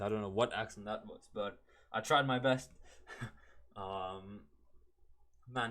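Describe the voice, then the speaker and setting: A man's voice: medium pitch, a bit bright. A man from Canada hosting a football podcast alone, chatting casually, rambling, correcting himself and saying "man" often. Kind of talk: casual solo podcast chat.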